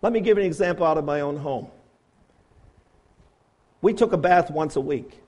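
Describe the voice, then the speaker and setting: A man with a notably high voice delivers a sermon. He presses his listeners with rhetorical questions, rising to loud appeals and then dropping to quiet, low asides. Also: normal speed. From grew up on a farm. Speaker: preacher.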